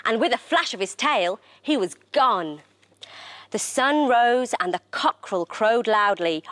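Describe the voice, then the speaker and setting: A woman presenter reading a children's story aloud in an expressive, animated way. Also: a little high, measured pace, no room sound, clean studio sound.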